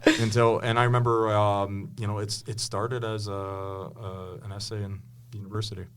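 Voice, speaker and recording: Guy w a deep low voice, history teacher rambling eagerly through stories on a podcast. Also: level tone, moderate pace, clean tone. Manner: eager storyteller, many restarts. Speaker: history teacher and author, interview guest. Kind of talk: casual conversational interview. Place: indoors with a podcast host.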